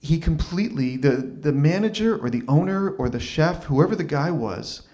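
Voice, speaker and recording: Male open mic storyteller, wry self-deprecating delivery, halting restarts, stage mic. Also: fairly high pitch, lively intonation, warm tone. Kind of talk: live storytelling set. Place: small arts venue stage.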